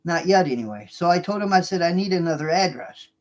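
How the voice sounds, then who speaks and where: A former cab driver casually telling a story to truckers. The speaker talks in an animated way, repeating lines and restarting sentences. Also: medium pitch, fast. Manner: animated, repeats lines and restarts while retelling a tense event.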